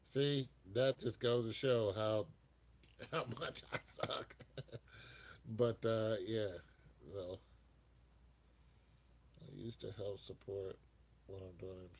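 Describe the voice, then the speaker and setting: A man's voice: fairly low pitch, fairly even intonation, slow, creaky, pauses often, darkish tone. A man hosting a casual live-stream chat, telling rambling stories and laughing often.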